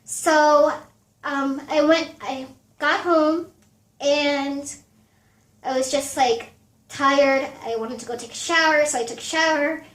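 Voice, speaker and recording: A young woman in her twenties vlogging a casual storytime, animated and full of fillers and swearing. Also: high voice, slow, reverberant.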